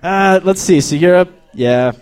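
A young man from Texas doing a crude, deadpan stand-up set, then chatting casually about himself. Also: high voice, unhurried, smooth. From El Paso, Texas. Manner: deadpan, crude, stumbling restarts. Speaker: stand-up comedian.

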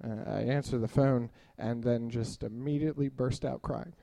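A man's voice: medium pitch, fairly even intonation, moderate pace, creaky, mellow. A man in his early thirties telling a rambling, self-deprecating stand-up story, full of filler uhs. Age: 30s. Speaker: stand-up comedian.

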